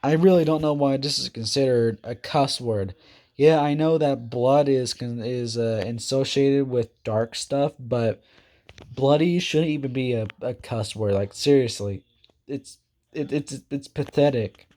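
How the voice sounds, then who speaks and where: A man's voice: medium pitch, a little slow, mellow. A man ranting casually in a rambling, profane way, with many fillers and restarts. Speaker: video creator. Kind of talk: casual rant.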